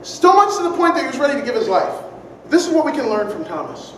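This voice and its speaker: High voiced preacher, earnest and repetitive, asks the crowd questions, mic far off in a really echoey room. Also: big pitch swings, fast talker. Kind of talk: sermon. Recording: very echoey room, distant mic, faint noise.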